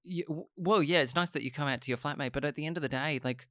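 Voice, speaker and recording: A man's voice: on the high side, fast, a bit bright, no room sound. Young man, writer-host, dry close sound, hesitant musings. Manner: thoughtful, hesitant with fillers. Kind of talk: casual conversation.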